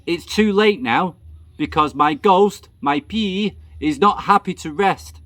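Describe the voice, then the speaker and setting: A man voicing the restless ghost of a dead male friend, speaking calm, melodic broken English. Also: high voice, takes it slowly, no echo, voice pushed up. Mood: mournful.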